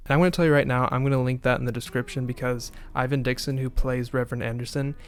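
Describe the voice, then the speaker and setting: A man in a casual spoken recap of a TV episode, talking in a flat, monotone way and sometimes restarting his phrases. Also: mid-range voice, fast, hardly any pauses, smooth, dry recording. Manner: monotone delivery. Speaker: video essayist recapping a TV episode.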